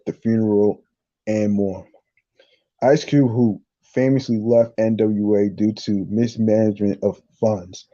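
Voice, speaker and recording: Slow, dark-voiced man hosting a podcast. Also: lowish voice, highs cut off. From New York. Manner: halting, repeats words, reacts with asides. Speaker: podcast host. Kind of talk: casual solo podcast, reading news aloud.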